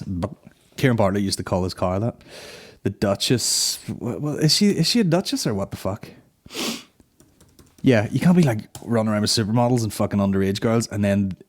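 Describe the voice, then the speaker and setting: A man's voice: lowish voice, a little mellow. A man hosting a comedy podcast, rambling crudely with heavy swearing. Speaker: podcast host. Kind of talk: casual comedy podcast banter.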